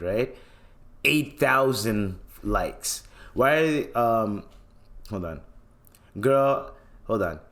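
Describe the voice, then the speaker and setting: A man with a Toronto accent hosts his own podcast in a casual rant. His voice sits a little low, and he talks bluntly and swears freely as he reacts to online comments. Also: lively intonation, slow pace, a bit bright. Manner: blunt, profane, reacting to social media posts. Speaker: podcast host.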